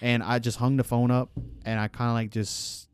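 A man's voice: medium pitch, level tone, moderate pace, clean tone, no echo, clean studio sound. A young man co-hosting a casual podcast chat, telling laid-back, slangy stories. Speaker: podcast co-host.

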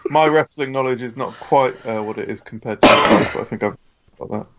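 A man's voice: mid-range voice, fairly quick, very noisy. A man chatting casually as a podcast guest, wry and wordy, laughing often. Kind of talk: casual chat.

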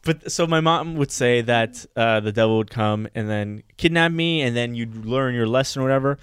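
A man's voice: mid-range voice, normal speed, fairly bright tone, smooth, dry recording, studio quality. A man co-hosting a casual comedy podcast, telling a rambling story, swearing freely and laughing often. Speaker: podcast co-host.

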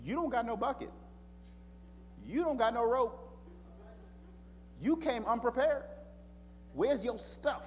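A man's voice: very high voice, expressive, takes it slowly, long pauses, soft background music, full character voice. A man voicing a blunt, ashamed Samaritan woman at a well, retorting in casual slang. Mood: sassy. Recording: echoey hall reverb.

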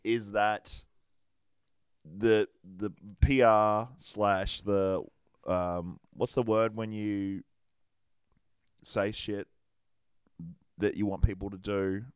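A man's voice: fairly low pitch, steady tone, extremely slow, pauses often, smooth, no room sound. An Australian man co-hosting a podcast, chatting casually, rambling, swearing freely and laughing often. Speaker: podcast co-host. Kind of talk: casual chat.

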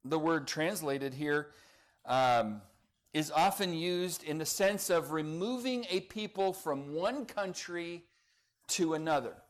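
A middle-aged man, a pastor, preaching a sermon, rising and pressing on key phrases, then dropping into quiet, chatty storytelling. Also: a little high, takes it slowly.

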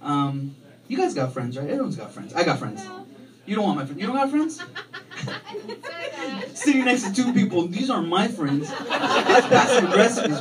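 A man's voice: sits high, big pitch swings, moderate pace, pauses often. A male stand-up comedian doing a rambling, self-deprecating set and riffing on the crowd, on a comedy club stage. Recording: far from the mic, loud crowd laughter.

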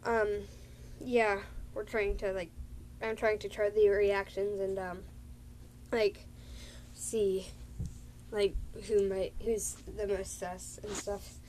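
A woman's voice: medium pitch, little pitch movement, slow pace, pauses often, a little mellow, a little hiss or hum. Rambling, giggly woman recapping a role-play. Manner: rambling, giggly, many fillers. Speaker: storyteller.

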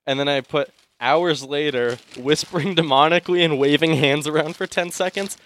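A young man co-hosting a podcast tells a rambling story in casual chat, full of fillers and bursts of laughter. His voice is fairly high and fairly bright, at a moderate pace.

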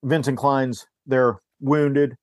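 Male podcast host, mid-pitch, rambling plot recap with quoted lines, dry close mic. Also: little pitch movement, slow pace, darkish tone, dry recording. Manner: rambling recap, acts out character lines, frequent restarts. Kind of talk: casual movie discussion.

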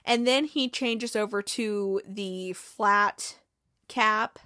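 A woman's voice: medium pitch, extremely slow, pushed and bright, dry recording, studio quality. A young woman casually recapping a TV episode, chatty, acting out the characters' lines with fillers and laughs.

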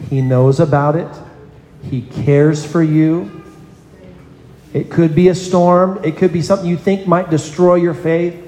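A man's voice: fairly high pitch, steady tone, measured pace, warm tone. A man preaching a sermon in a church, earnest, calling on children in the congregation by name. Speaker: pastor. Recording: echoey hall with long reverb.

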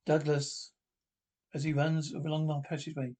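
A man's voice: on the high side, vocal fry, darkish tone. A man reading a radio horror script aloud, voicing every part and the stage directions, with frequent slips and restarts. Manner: halting read-through with slips and restarts. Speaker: script reader.

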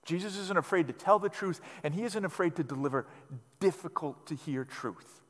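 A man preaching a sermon as pastor, emphatic and repetitive, letting phrases sink to a quiet, low finish. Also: normal speed. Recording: long hall reverb.

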